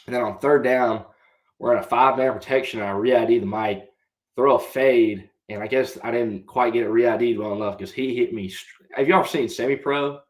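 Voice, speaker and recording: A man's voice: mid-range voice, a little fast. A young man in his twenties, a podcast guest and former college quarterback, telling a long story in a casual way and answering politely with "yes, sir.". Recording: roomy echo.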